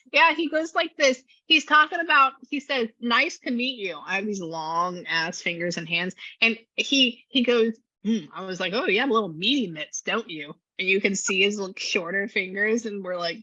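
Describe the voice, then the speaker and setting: A woman's voice: mid-range voice, sharp tone, no echo, lo-fi sound. A woman working as a psychic medium, chatting animatedly with a client and often laughing. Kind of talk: reading session with a client.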